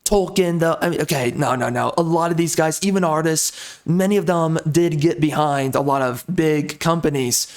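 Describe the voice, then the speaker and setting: A man's voice: fairly high pitch, normal speed. A man giving ranting commentary on a video game, exasperated and full of rhetorical questions, repeating himself as he vents. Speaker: gaming commentator.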